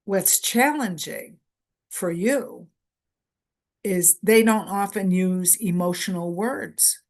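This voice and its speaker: A woman presenter giving a conference lecture in a deliberate way, repeating key phrases in short lists for emphasis. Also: on the low side. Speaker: workshop presenter.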